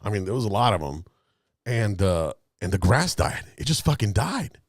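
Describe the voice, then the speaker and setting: A man's voice: lowish voice, moderate pace, dry recording, studio quality. A man co-hosting a podcast, telling a story in a casual, profane way and acting out other people's lines. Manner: animated, profane, acts out quotes. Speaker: podcast co-host.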